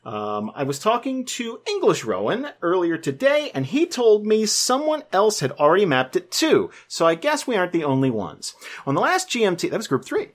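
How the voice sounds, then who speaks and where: A woman's voice: fairly low pitch, wildly swooping pitch, normal speed, few pauses. A woman co-hosting a podcast, reading a listener's email aloud with chatty asides and fillers. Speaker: podcast co-host.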